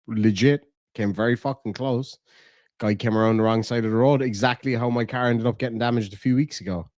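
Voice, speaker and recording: A man's voice: fairly low pitch, darkish tone, no echo, clean studio sound. Sweary Irish man chatting on a stream. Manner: rambling, swears a lot, reads chat aloud. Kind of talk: casual live-stream chat.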